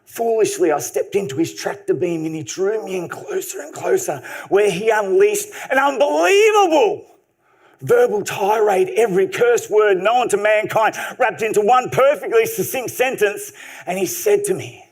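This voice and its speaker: Man, stage storyteller, funny and lively, high voice, live talk. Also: moderate pace, husky. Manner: animated, humorous, vivid storytelling. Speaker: speaker.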